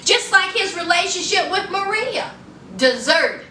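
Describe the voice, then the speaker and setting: Sassy high-voiced woman, echoey room. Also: slow pace, distant mic, a little hiss or hum. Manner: sassy, laughing, animated storytelling. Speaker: reality TV reviewer. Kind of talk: casual recap commentary.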